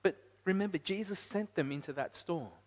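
Preacher with ringing hall reverb. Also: male voice, sits high, moderate pace. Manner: rises to loud emphatic peaks, then drops quiet. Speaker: pastor. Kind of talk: sermon.

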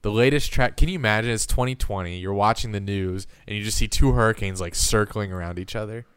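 A man's voice: on the low side, quick pace, a bit bright, clean tone, dry recording, studio quality. A young man co-hosting a podcast, reading news stories aloud with crude, joking asides in a casual chat. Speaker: podcast co-host.

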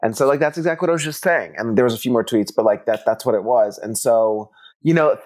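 Man, mid pitch, casual gossip chat, rambling, animated, restarts often. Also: fast. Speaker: podcast co-host.

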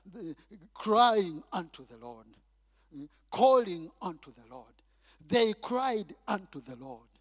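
Slow, swelling male preacher. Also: high-pitched. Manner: call-and-response preaching, swelling loud on key phrases; halting restarts and repeated words. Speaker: pastor. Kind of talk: sermon.

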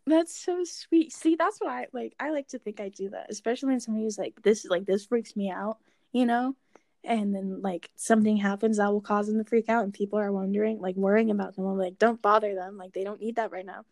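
A woman's voice: medium pitch, a little fast, gravelly, mellow, dry recording, clean studio sound. A young woman chatting casually, rambling with many fillers and speaking frankly, with some swearing. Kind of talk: casual chat.

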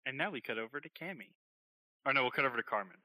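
A man narrating a tabletop game as game master in a lively way, laughing easily. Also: mid-range voice, rapid-fire, low-quality recording.

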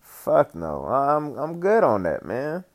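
A man's voice: medium pitch, huge pitch swings, takes it slowly. A man telling a rambling, profane, comedic story in casual chat, full of fillers and asides.

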